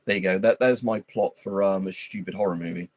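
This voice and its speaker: A man's voice: sits low, fairly even intonation, brisk, a little mellow. A man hosting a livestream, rambling and swearing in an opinionated, casual chat full of fillers. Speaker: livestream host.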